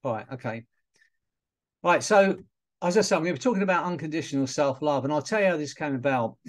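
A man's voice: on the high side, lively intonation, fairly quick. A man, a hypnotherapist and trainer, talking casually to an online audience over a video call, with fillers and small laughs.

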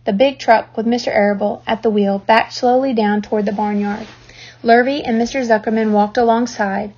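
A woman reading a children's book aloud, telling the story in a lively, expressive way. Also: fairly high pitch, moderate pace. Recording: dull lo-fi recording.

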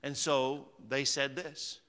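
A man's voice: medium pitch, little pitch movement, slow pace, bright, forceful tone, clean tone. A man preaching a sermon as pastor, chatty and conversational, climbing to emphatic peaks. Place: church sanctuary. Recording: long hall reverb.

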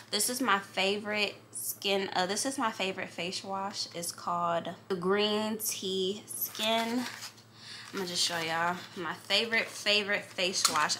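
A woman chatting casually in a vlog from her makeup table, talking to viewers as y'all and honey in a lively, animated way. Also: mid-range voice, background noise. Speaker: vlogger.

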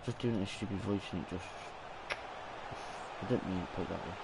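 A man's voice: sits low, fast, creaky, very noisy. A young man giving gameplay commentary, ranting and swearing at the match in front of him. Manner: ranting, swearing, exasperated muttering. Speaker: gaming channel host.

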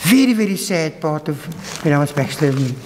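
South African male preacher, high voice, urgent-to-hushed testimony delivery, long church reverb. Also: very animated, fairly quick, background noise. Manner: emotional testimony, swinging between high urgent and low hushed phrases. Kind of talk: sermon. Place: church hall.

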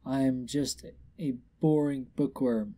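A man reading aloud and voicing a tipsy, weepy young female pony, raising his voice higher for her. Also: steady tone, takes it slowly, mellow, natural voice. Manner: slurred, self-pitying, stammering.

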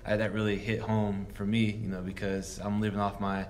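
A man's voice: lowish voice, little pitch movement, brisk, slight background noise. A young man in his twenties, a guest sharing a personal faith story in a rambling, earnest way full of fillers. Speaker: guest, football player. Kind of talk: reflective personal testimony.

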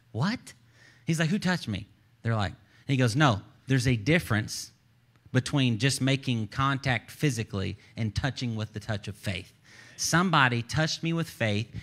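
A man preaching a sermon as pastor, with a voice of middling pitch. He tells the story with animation and acts out the people in it. He climbs to emphatic peaks and then drops low and quiet. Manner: rising to emphatic bursts, then dropping low and soft.

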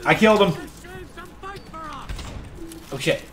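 Excitable young gamer swearing at a game. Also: male voice, a little high, slow, slight background noise. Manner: excitable, swears a lot, laughs at himself. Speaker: gaming channel host. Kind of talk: casual gameplay commentary.

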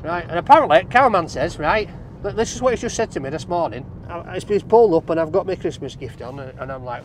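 A man's voice: fairly high pitch, animated, fast talker, slight background noise. Chatty Yorkshire man vlogging from a car. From Barnsley, England. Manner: chatty, jokey, banter with cameraman. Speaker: food reviewer host. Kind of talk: casual vlog chat while driving. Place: inside a car driving through town.

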